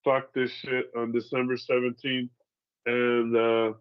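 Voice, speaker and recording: This forties-aged Seattle man has a clear, resonant, medium-pitched voice, delivered flatly at a measured pace, though the recording is muffled. He openly shares his survival story in a laid-back, foul-mouthed way, chuckling through the rough stretches.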